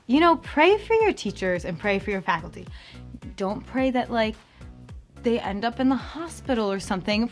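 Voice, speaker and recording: On a campus ministry podcast, a young adult woman chats in a casual, bubbly way at an ordinary pitch, peppering her speech with ums and likes. Whenever she quotes someone, her voice leaps up high, with soft music faintly in the background.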